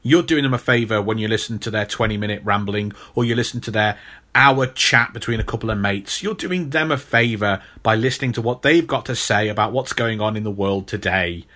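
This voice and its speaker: A young British man co-hosting a podcast, talking in a playful, animated and mock-stern way. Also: fairly low pitch, fairly quick. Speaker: podcast co-host. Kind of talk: casual podcast chat.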